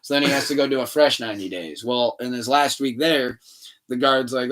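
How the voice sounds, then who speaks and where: A man in casual podcast chat, recounting a story and slipping into the voices of the people in it. His voice sits at a middle pitch, and he is heard from a little way off the microphone. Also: a little fast, distant mic. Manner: animated storytelling, acts out quoted dialogue. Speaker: podcast co-host. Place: room shared with co-host.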